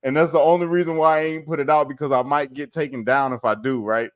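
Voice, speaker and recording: A man's voice: on the high side, fairly even intonation, fast talker. A man co-hosting a podcast, telling stories in a loose, profane way and laughing as he retells funny clips. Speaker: podcast co-host. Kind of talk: casual chat, storytelling.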